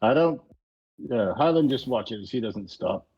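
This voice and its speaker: A man's voice: medium pitch, expressive, a little slow, darkish tone, slightly rough, highs cut off. A man talking casually as a player in a tabletop game, hesitant and repeating words.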